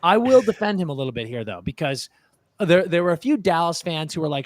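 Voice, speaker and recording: A man holds forth on a live sports podcast, animated and argumentative, cursing casually as he defends his point. His voice sits on the high side for a man. The sound is close and dry, with no room around it. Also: a little fast, no room sound. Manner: animated, swears freely, argues his point. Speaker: podcast co-host. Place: podcast studio.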